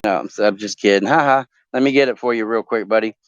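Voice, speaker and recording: Rambling, joking male host; smooth, clear voice on a dry, slightly muffled recording. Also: fairly low pitch, quick pace, no echo. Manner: rambling, joking, many fillers. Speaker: talk show host. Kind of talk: casual chat, asking would-you-rather questions.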